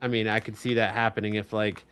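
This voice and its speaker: A man's voice: lowish voice, flat delivery, fast, a bit bright, clean tone. A man co-hosting a casual wrestling prediction chat, asking questions and thinking aloud with frequent restarts. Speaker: co-host.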